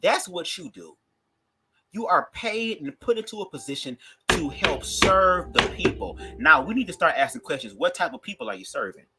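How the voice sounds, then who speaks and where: A man's voice: a little high, very animated, normal speed, sharp tone, slight background noise, rough recording. A man from Detroit with a Detroit accent, giving opinionated commentary in a sassy, emphatic way and swearing freely. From Detroit, USA. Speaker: commentary vlogger.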